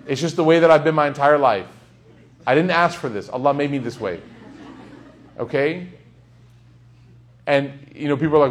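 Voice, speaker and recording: A young man giving a casual, humorous sermon, telling stories with sudden loud bursts. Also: mid-range voice, moderate pace, long pauses, slight background noise. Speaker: Islamic speaker.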